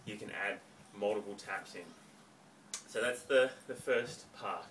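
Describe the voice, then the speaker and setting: A man teaching a home dance lesson, counting beats and giving clear step-by-step instructions. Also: on the low side, a little slow. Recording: distant mic, faint room noise.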